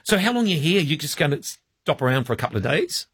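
A man with an Australian accent hosting breakfast radio, boisterous, laughing loudly and calling everyone mate. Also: a little high, big pitch swings, fast talker, husky, dry recording, clean studio sound. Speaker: radio host.

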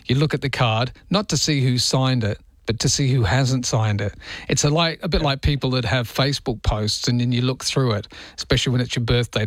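A middle-aged man hosting overnight talkback radio, chatting casually and warmly greeting callers by name. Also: medium pitch, no echo. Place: radio studio. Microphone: studio microphone.

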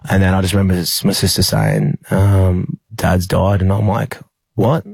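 Australian man, young, rugby player, low voice, husky, halting speech, dry sound. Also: level tone, darkish tone, no room sound. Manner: halting, full of fillers and restarts. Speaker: professional rugby league player. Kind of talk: emotional interview storytelling.

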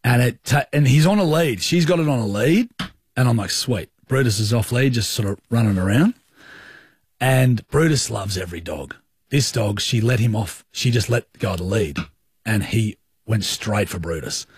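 Husky Australian radio host, dry sound. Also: male voice, medium pitch, moderate pace, dry recording. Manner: animated, colloquial storyteller. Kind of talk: casual radio banter, storytelling. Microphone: studio microphone.

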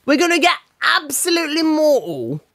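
A woman's voice: high-pitched, big pitch swings, moderate pace, a bit bright, voice pushed up, full character voice. Woman putting on a brash Geordie party-goer. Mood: rowdy. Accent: Geordie, put on. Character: rowdy young party-goer with a put-on Geordie accent.

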